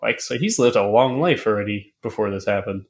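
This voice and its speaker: A man co-hosting a podcast in casual chat, halting and repeating filler words as he thinks aloud. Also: fairly low pitch, lively intonation, creaky. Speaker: podcast co-host.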